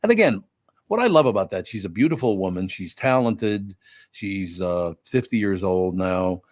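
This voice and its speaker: A man's voice: deep voice, animated, moderate pace, a little mellow, no room sound, clean studio sound. An older man hosting a radio talk show, chatting casually and candidly, often correcting himself. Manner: rambling, candid, self-correcting.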